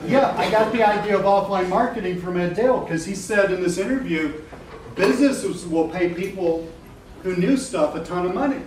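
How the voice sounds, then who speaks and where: A man's voice: high voice, moderate pace. A middle-aged man giving a live webinar talk to a room of people, candid and joking, swearing and laughing often. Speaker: webinar presenter. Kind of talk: casual live talk to an audience. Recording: echoey room from a distance with background noise.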